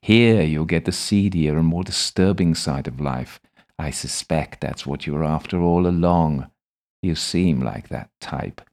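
A man voicing a sardonic, amused older English gentleman with a drawling, quietly wicked manner. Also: extremely low pitch, measured pace.

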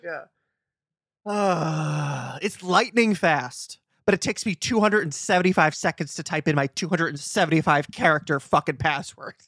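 A man's voice: fairly high pitch, moderate pace, vocal fry, a bit bright, dry recording, studio quality. A young adult man co-hosting a podcast, chatting casually, swearing freely and joking at his own expense. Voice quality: swears freely, self-mocking. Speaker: podcast co-host. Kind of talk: casual chat.

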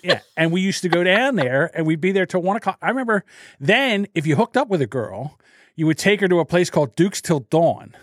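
A man's voice: sits high, fairly quick, dry recording, studio quality. A man with a South Jersey accent co-hosting a podcast, telling stories and mocking people in a loose, profane way. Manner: animated, mocking, profane storyteller. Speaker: podcast co-host. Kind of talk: casual podcast banter.

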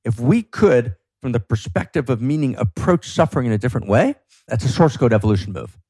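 A man's voice: medium pitch, animated, fairly quick, a little mellow, slightly rough, dry recording. A man talking as a podcast guest, passionate and emphatic, often checking in with "right?". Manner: fervent, emphatic, frequent "right?" tags. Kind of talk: passionate philosophical talk.

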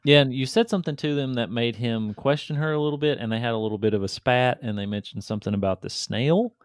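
A man's voice: medium pitch, fast, smooth, dry recording, studio quality. A man, running a tabletop game and recapping the last session in a loose, rambling way. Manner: rambling, filler-heavy recap. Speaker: game master.

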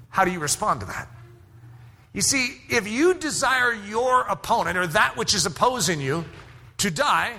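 A man preaching a sermon as pastor, emphatic and rising to shouts at his strongest points. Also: high voice. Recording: hall reverb.

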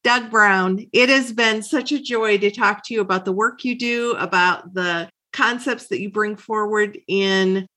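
A woman's voice: medium pitch, a little slow, few pauses, bright, forceful tone. A woman hosting an interview, talking in a reflective, affirming way and wrapping up the conversation. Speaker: podcast host.

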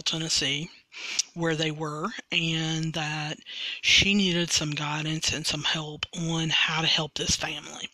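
Guy from west virginia doing a slow rambly podcast review, voice cracking a bit, bright tone, dry sound. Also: fairly high pitch, dry recording, low-quality recording. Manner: rambling, many ums and restarts. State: voice cracking slightly. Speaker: podcast host reviewing paranormal TV. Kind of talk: casual solo podcast commentary.

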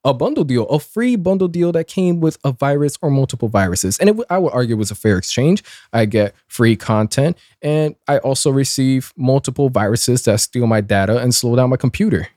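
A man in his twenties hosting a casual commentary show, sarcastic and blunt, with lively swings in pitch. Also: a little fast, hardly any pauses, no echo, clean studio sound. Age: 20s. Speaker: commentary host.

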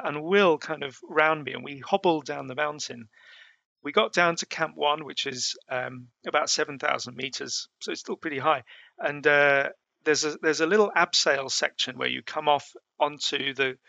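A middle-aged man tells his story in a gravelly, slightly raised voice with a bright edge. He speaks haltingly, restarting phrases often. The sound is close and dry, with no room around it. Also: fairly high pitch, no echo, muffled recording. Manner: halting, with many restarts and fillers. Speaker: mountaineer telling his story. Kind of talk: casual spoken storytelling.

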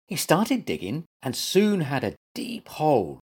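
A man reading a children's story aloud as its storyteller, gentle and expressive. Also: a little high, a little slow, few pauses, slightly rough.

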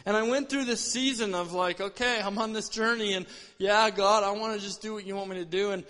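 Young man, earnest church testimony, high voice, long hall reverb. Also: fairly quick. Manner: earnest, animated storytelling with many restarts. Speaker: church speaker sharing testimony. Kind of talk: sermon testimony.

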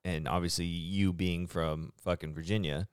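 This is a man from Southern California chatting casually on a podcast. His voice is deep and smooth, and his delivery is relaxed. The sound is dry and close. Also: normal speed, no echo. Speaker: podcast co-host. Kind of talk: casual chat.

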